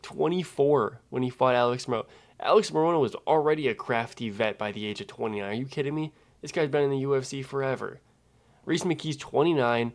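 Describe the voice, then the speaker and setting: A man casually breaking down fights and making picks, profane and ranting, getting worked up as he argues. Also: mid-range voice. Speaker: MMA betting analyst.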